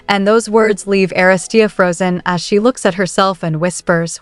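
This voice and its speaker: A woman's voice: medium pitch, fairly even intonation, normal speed, few pauses, clear, resonant tone, no room sound. A woman narrating a story recap in a scripted style, reading the characters' dialogue in her own voice. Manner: reads every character's lines in her own voice.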